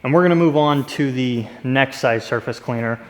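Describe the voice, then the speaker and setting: A man in a reverberant room, talking casually about his work gear with an upbeat, direct manner. His voice sits at an ordinary middle pitch, and the space gives it a long trailing echo. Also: moderate pace. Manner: enthusiastic, direct, addresses viewers as "you guys". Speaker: pressure washing business owner. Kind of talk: casual product walkthrough.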